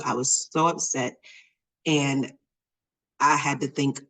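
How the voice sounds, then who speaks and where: A middle-aged woman hosting a podcast, telling a personal story in an animated, expressive way with many fillers. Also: low voice, unhurried, low-quality recording. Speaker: podcast host.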